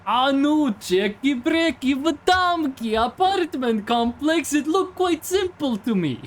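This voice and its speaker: A man voicing a gruff Eastern European gangster type with an exaggerated, thick put-on accent, for a gaming stream. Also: extremely high pitch, lively intonation, slow, pitched above the performer's own voice, heavily acted. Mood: swaggering.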